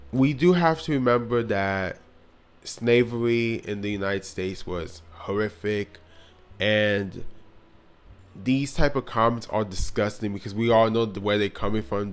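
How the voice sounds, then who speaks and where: Slow-spoken young man, low voice. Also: clear, resonant tone. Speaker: video commentator. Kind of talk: commentary vlog.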